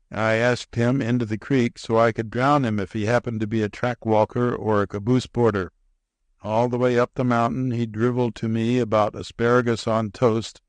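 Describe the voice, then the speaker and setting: A man narrating a classic short story in a measured, unhurried reading voice. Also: mid-range voice, no echo. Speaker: audiobook narrator.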